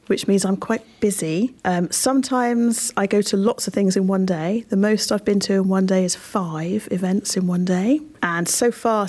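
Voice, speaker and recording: A woman's voice: mid-range voice, darkish tone. Chatty woman mayor answering questions. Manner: chatty and good-humoured, with frequent "um" fillers. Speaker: town mayor being interviewed. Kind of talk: answering children's interview questions.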